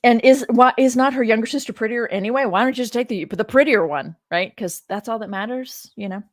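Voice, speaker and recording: A woman's voice: fairly high pitch, brisk, no echo, studio quality. A woman who teaches religion, giving casual commentary on a scripture reading, emotional, exasperated and blunt. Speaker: religion professor.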